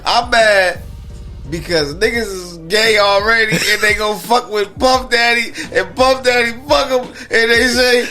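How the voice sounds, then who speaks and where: Brief: male podcast guest with a high, sharp voice who rants with laughs over faint music. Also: unhurried. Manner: profane, animated ranting with laughter. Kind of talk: casual chat.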